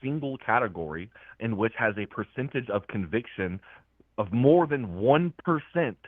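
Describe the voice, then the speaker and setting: A man's voice: mid-range voice, lively intonation, normal speed, no room sound. A young man calling into a live show, arguing angrily and swearing as he insists on finishing his point. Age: young adult. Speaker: caller. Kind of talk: heated call-in argument. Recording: tinny phone line.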